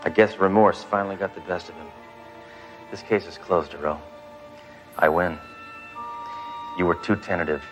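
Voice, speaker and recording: A man's voice: deep voice, steady tone, normal speed, pauses often, dull audio, music in the background, close to an everyday voice. An actor playing a brash, boastful male police detective with a blunt, smug manner. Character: brash trigger-happy male cop, smug.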